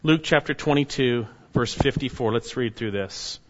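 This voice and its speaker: A man's voice: mid-range voice, normal speed, in a large hall, muffled recording, noisy background. A man preaching an expository sermon, reading scripture verses aloud and then explaining them in an earnest manner.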